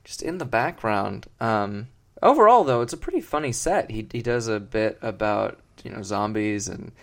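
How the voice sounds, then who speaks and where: A man co-hosting a comedy podcast, rambling on in a mock-earnest, deadpan way with many fillers. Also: lowish voice, normal speed, creaky. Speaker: podcast co-host.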